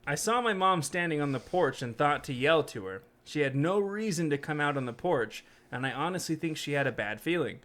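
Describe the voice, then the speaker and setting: A man's voice: on the high side, expressive, a little fast, hardly any pauses, a bit bright. A young man co-hosting a podcast, chatting casually and reading scary stories aloud with joking asides. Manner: joking, does silly voices for quoted people. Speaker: podcast co-host.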